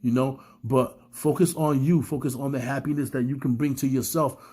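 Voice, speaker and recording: A man's voice: mid-range voice, steady tone, moderate pace, mellow, breathy edge. A man giving a casual, rambling motivational talk to his viewers, slightly sick with a cough. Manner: rambling, repeats words, addresses viewers as guys. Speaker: self-help speaker.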